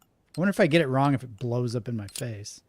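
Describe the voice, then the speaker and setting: A man's voice: medium pitch, expressive, fairly quick. A man from Oklahoma with an Oklahoma accent, casually commentating a video game, reading its text aloud and laughing often as he answers chat. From Oklahoma, USA. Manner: chatty, laughs often, reacts to live chat. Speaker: gaming streamer.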